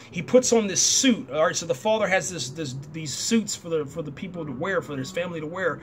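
A man's voice: on the high side, a little fast, background noise. A man giving a casual, slangy recap of a TV episode, acting out the characters' lines as he goes. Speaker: show reviewer.

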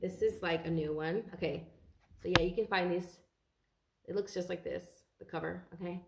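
A woman's voice: on the low side, steady tone, normal speed, creaky, roomy sound, heavy background noise. A tired woman doing a casual tarot reading for viewers, chatty and rambling and swearing freely. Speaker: tarot card reader.

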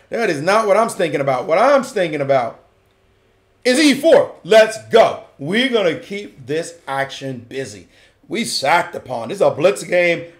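A man voicing a cocky male chess player who taunts his opponent in a swaggering, slangy way and with an odd put-on accent. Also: sits high.

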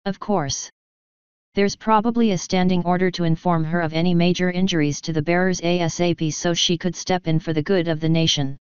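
A woman's voice: fairly low pitch, steady tone, brisk, clean tone, no room sound, close to an everyday voice. A woman voicing a young female pony mage, soothing and reassuring, in a storybook reading. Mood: calm. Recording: dull lo-fi dry recording.

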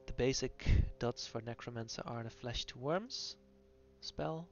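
Slow, hesitant man with muffled sound. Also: mid-range voice. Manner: hesitant, many fillers, unhurried explanation. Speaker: game guide creator. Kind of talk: gameplay class guide voice-over. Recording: dull lo-fi audio with faint music.

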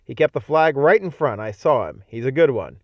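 A man's voice: medium pitch, animated, a little fast, no room sound, muffled recording. A man reading aloud as a colonel praising a soldier's bravery. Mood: approving.

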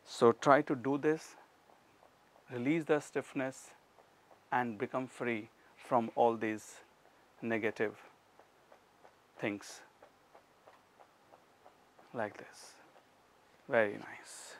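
A middle-aged man with an Indian accent, teaching a yoga class and calmly cueing each breath and movement step by step. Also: mid-range voice, very slow, long pauses. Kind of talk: guided yoga class instruction.

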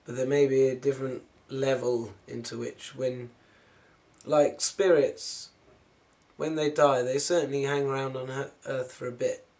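A spiritual vlogger muses casually to camera about spiritual dimensions in a medium-pitched voice with little pitch movement and a measured pace. His thoughts wander from one to the next, punctuated by soft laughs and phrases that trail off.

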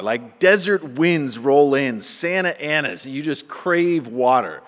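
A male pastor giving a conversational sermon, animated and acting out little asides. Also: mid-range voice, measured pace, few pauses. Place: church sanctuary. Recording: church hall with long reverb.

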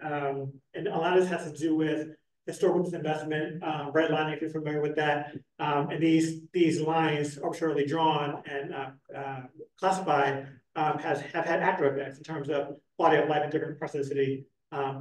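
A man with a slightly high voice giving a panel presentation in a roomy, echoing hall. He stands a little away from the microphone, so he sounds distant. He talks quickly with plenty of ums and restarts. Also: little pitch movement. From Philadelphia. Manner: fast-talking, loose, many fillers. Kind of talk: academic conference talk. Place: conference room with hybrid online audience. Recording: echoey room, speaker away from the mic.

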